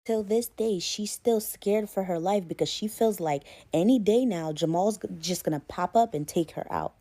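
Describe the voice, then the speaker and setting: A woman's voice: medium pitch, normal speed, mellow. A woman finishing a storytime vlog, talking straight to her viewers. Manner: direct, addresses viewers as y'all, warning tone.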